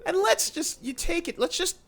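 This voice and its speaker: A man's voice: very high-pitched, animated, moderate pace, a bit bright. A man co-hosting a podcast in casual chat, telling a story animatedly, with many restarts and a lot of swearing. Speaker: podcast co-host.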